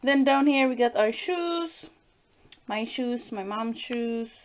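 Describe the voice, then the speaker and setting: Young woman, slow and easygoing. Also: on the high side, animated. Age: 20s. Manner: laughing, easygoing, slow and searching for words. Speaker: daughter co-hosting vlog. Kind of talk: casual home tour vlog. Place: home room. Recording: dull lo-fi home video sound.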